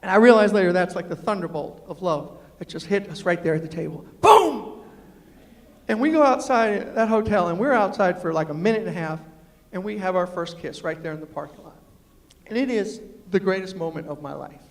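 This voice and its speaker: A man's voice: high voice, fairly quick. A man giving a humorous storytelling speech at a university, punchy and emphatic, acting out the lines he quotes. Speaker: storyteller and motivational speaker. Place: university lecture hall. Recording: echoey hall, long reverb.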